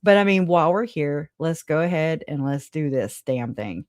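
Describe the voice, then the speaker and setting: A woman's voice: deep voice, animated, normal speed, a little mellow, dry recording, studio quality. A woman hosting a casual live stream, chatting loosely with viewers, laughing often and swearing casually. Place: home.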